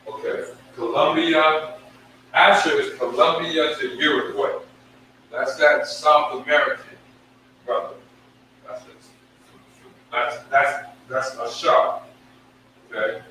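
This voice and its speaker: A man's voice: fairly high pitch, fairly even intonation, slow pace, pauses often, pushed and bright. A man giving a scripture lesson, emphatic, repeating himself and stretching out each syllable. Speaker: religious teacher. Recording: very echoey room, from far off, faint noise.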